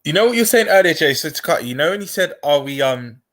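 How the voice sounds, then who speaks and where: A man co-hosting a casual live stream, chiming in with relaxed agreement and opinions. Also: fairly high pitch, fast talker.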